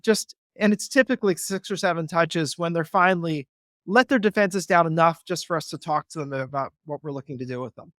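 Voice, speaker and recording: Fairly high-pitched and fairly bright, this man talks fairly quickly in a dry, clean studio recording. He's a real estate investor being interviewed, explaining conversationally with earnest persuasion and acting out phone calls to make his points.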